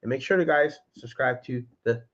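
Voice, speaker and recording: Through slightly dull lo-fi stream sound, a man hosts a laid-back livestream from home at medium pitch and a moderate pace. He chats loosely with viewers, greeting them by name and using "dude."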